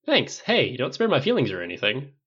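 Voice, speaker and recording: A man's voice: mid-range voice, expressive, fast talker, fairly bright tone, dull audio. A man voicing a cocky, quippy billionaire superhero in an audiobook, speaking in teasing banter.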